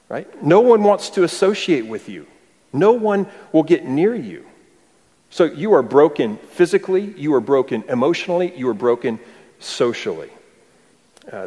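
A man preaching an expository sermon, asking rhetorical questions and adding dry humor. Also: mid-range voice. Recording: long hall reverb.

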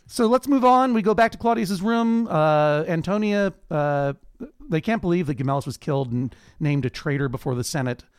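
A man hosting a podcast, recapping a TV episode in a lively way and acting out the characters' lines. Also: fairly high pitch, moderate pace, smooth, dry recording. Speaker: podcast host.

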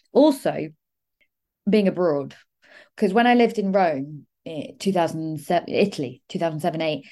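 A woman hosting an astrology podcast, talking fast in a rambling, digressive way with frequent asides. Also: lowish voice, mellow. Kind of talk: casual solo podcast monologue.

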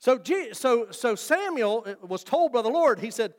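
This sermon comes from a pastor with a high, lively voice who speaks at a normal pace. He chats with the congregation and trades jokes with them, and the church sanctuary adds a long reverb.

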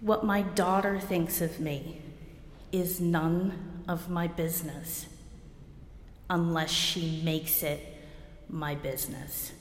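Speaking slowly with long pauses, a New Jersey woman with a fairly low, steady voice shares candidly at a recovery meeting. She's blunt, wry and self-deprecating with bursts of laughter, and her words ring through an echoey hall with long reverb over slight background noise.

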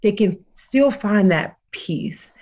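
A woman with a mid-range voice hosts a heartfelt conversation. She is effusive and affirming, warmly heaping praise and thanks. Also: mid-range voice, lively intonation, slow.

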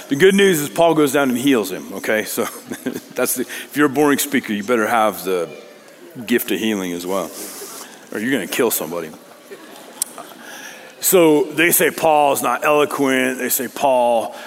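A man's voice: medium pitch, in a large hall. A man preaching a sermon, conversational and self-deprecating, reading scripture dramatically. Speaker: pastor.

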